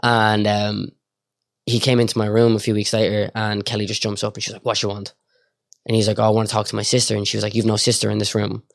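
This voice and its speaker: A young man with an Irish accent, a guest telling stories casually, quick and full of fillers and acted-out dialogue. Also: on the low side, monotone, vocal fry, dry recording, studio quality. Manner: rapid, filler-heavy storytelling full of quoted dialogue. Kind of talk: casual storytelling.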